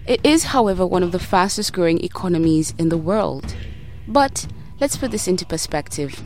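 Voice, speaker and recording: Low-voiced woman podcast host. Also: expressive, moderate pace. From Kenya. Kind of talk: podcast hosting.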